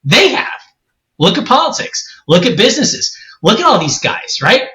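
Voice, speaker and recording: Man, forties, heated podcast rant, bright tense voice, very lively pitch, echoey room. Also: normal speed. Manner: heated, ranting, emphatic. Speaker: co-host. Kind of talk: podcast discussion.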